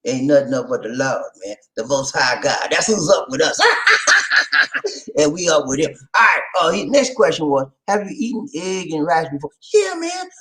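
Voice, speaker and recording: A man's voice: on the high side, very animated, normal speed, fairly bright tone, poor audio. A middle-aged man from South Carolina with a Southern accent, hosting a casual livestream and greeting viewers with playful laughter. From Charleston, South Carolina. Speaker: livestream host.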